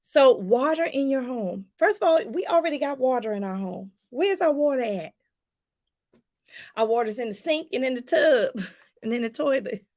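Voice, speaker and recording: A woman life coach talking casually to her viewers in a live stream, chatty and lively, laughing often and calling them "y'all". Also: normal speed. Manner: lively, pitch jumps up for emphasis.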